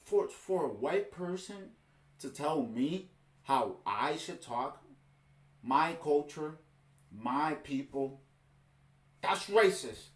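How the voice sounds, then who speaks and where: A man's voice: on the high side, animated, slow pace. Heated man ranting in a roomy echo. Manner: heated, exasperated, keeps saying "bro". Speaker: reaction video host. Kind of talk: ranting commentary over a clip.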